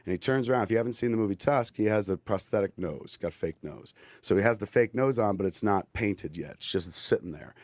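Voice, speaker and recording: A man on a podcast telling an animated, profane anecdote and acting out voices in it. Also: fairly low pitch, fairly quick, few pauses, no room sound. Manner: excitable, profane, acts out voices in his stories. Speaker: filmmaker telling a story on a podcast.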